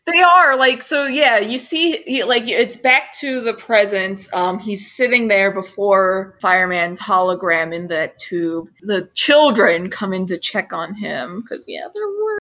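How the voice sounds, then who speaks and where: A woman's voice: mid-range voice, measured pace, few pauses, fairly bright tone. A young woman in casual podcast chat, recapping an anime episode with lots of laughter and casual swearing. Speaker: podcast co-host.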